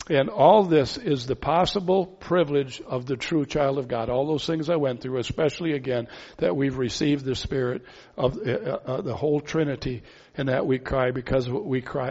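Male preacher, slightly high voice, earnest and pleading, muffled sound in a big echoing hall. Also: normal speed, darkish tone. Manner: earnest, pleading, with rhetorical questions. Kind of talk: sermon. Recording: dull sound with long hall reverb.

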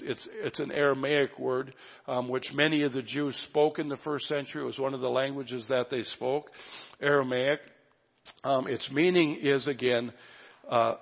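Gravelly preaching man in a hall. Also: medium pitch, dull audio. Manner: earnest preaching with drawn-out emphatic phrases. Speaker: pastor. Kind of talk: sermon.

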